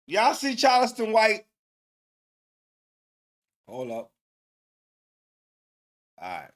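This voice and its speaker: Man, high voice, slangy profane livestream host. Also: huge pitch swings, drawn-out words, fairly bright tone. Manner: slangy, profane, laughs often. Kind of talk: casual live-stream commentary.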